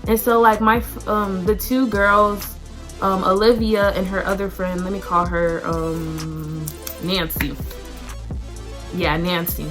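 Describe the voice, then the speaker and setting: Teen girl vlogger, chatty storyteller, mid-pitched voice, faint music under it. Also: slow. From Texas. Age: teens. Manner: animated, chatty, lots of "like" and "y'all". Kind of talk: storytime vlog.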